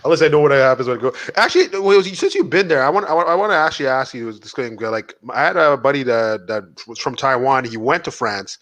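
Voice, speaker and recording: A man's voice: medium pitch, sing-song, fast, few pauses, fairly bright tone, dry recording. A man co-hosting a podcast, telling a story in a joking, rambling way with lots of fillers. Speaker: podcast co-host. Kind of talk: casual chat.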